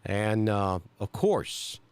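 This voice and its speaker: A man's voice: fairly low pitch, sing-song, drawn-out words, darkish tone, clean tone, no room sound. A man from central Alabama with a Southern accent, giving live storm coverage as a weather broadcaster and thinking aloud with many fillers.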